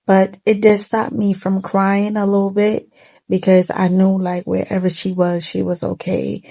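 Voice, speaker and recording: A young woman speaks to her phone camera, telling a personal story of loss. Her mid-pitched voice carries a gravelly fry, and her casual, colloquial delivery stays heartfelt and tearful as she holds back tears. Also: completely flat delivery, a little slow, warm tone. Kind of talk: emotional storytime monologue. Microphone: phone camera facing the speaker.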